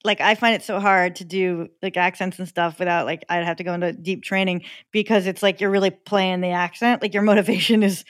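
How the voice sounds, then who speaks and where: A woman's voice: on the low side, steady tone, a little fast, hardly any pauses, dry recording, clean studio sound. A woman, a comedian guest on a podcast, talking animatedly with many "like"s and laughing asides. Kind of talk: casual chat about comedy.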